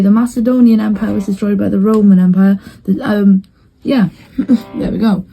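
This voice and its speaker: A woman talks through a game as it plays out, her mellow, darker voice wandering between thoughts. She fills pauses with ums and half-finished restarts, with a faint hiss behind her. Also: mid-range voice, poor audio. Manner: rambling and hesitant, many fillers and restarts. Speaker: video host commentating a map simulation. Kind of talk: casual game commentary.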